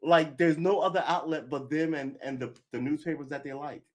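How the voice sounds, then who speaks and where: A man's voice: a little high, fairly even intonation, brisk. A man giving live political commentary, angry and sarcastic, swearing, reading news aloud and cutting in with remarks.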